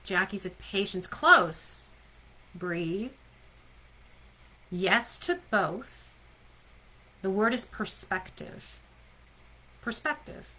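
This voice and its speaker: A woman's voice: mid-range voice, lively intonation, drawn-out words, long pauses, sharp tone, low-quality recording. A woman leadership coach giving a live online coaching talk. She speaks emphatically, keeps asking her listeners questions and often checks in with "right?".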